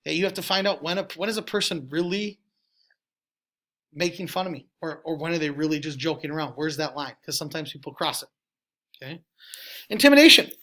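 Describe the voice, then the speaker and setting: A man teaching a class of high school freshmen, casual and talking straight to the students, tagging "okay?" onto almost every sentence, with sudden jumps in loudness. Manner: checks in with "okay?" after nearly every sentence. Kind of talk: classroom lecture.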